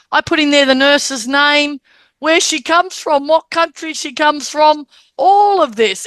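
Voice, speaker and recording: A woman's voice: fairly high pitch, no room sound. An Australian woman, a medium, teaching a group on a call and telling stories with acted-out dialogue. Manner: animated storytelling, acts out quoted dialogue.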